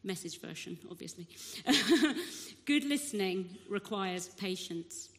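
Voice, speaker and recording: A woman giving a sermon, telling a Bible story with expressive delivery and acting out the crowd's voices. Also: mid-range voice, slow pace. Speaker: preacher. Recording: long hall reverb.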